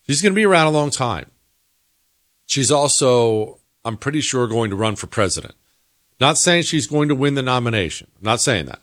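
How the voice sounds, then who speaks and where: A man's voice: medium pitch, a bit bright, no echo, clean studio sound. A man hosting a political commentary monologue, talking in an opinionated, emphatic way. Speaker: host.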